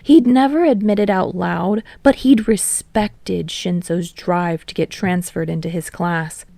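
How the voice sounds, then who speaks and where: A woman reading fan fiction aloud in steady storytelling narration. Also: lowish voice, slow, creaky, dry recording. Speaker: podfic reader.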